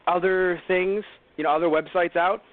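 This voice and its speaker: A man's voice: high voice, fairly even intonation, moderate pace, dry recording. A man hosting a casual movie review show, rambling and correcting himself with wry asides. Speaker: podcast host. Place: home. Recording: tinny phone-line call-in audio.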